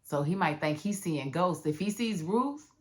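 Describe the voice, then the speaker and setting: A woman reviewing a TV drama episode in a casual, animated way, acting out the characters' lines. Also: fairly low pitch, normal speed. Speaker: TV show reviewer. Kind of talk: casual recap commentary.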